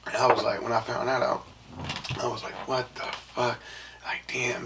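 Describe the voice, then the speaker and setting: A man's voice: mid-range voice, little pitch movement, moderate pace. A young man from San Francisco telling a rambling personal story in casual talk, full of filler phrases and half-whispered asides. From San Francisco, USA.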